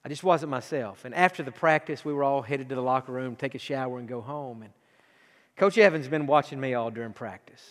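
A man in his forties with an East Texas accent, preaching a sermon in a folksy storytelling way that drops to a near hush and swells into fervent exhortation. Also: mid-range voice, brisk, in a large hall. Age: 40s. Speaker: pastor.

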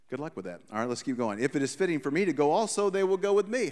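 A man's voice: mid-range voice, sing-song, racing, hardly any pauses, in a large hall. A man preaching a sermon, reading scripture and retelling it in a loose, joking everyday voice. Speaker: pastor.

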